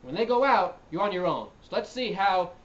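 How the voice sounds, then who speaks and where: A man rattles off casual, profane commentary and mocks a speech as he watches it. His voice is high and bright, and he talks fast. The sound is a bit dull and lo-fi. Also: lively intonation. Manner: profane and mocking. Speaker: reaction video host.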